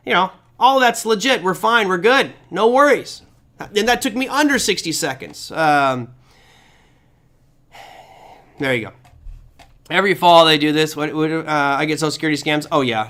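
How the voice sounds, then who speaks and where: A man hosting a live online crypto trading class, chatty and energetic, reading viewer comments aloud while sharing his screen. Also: a little high.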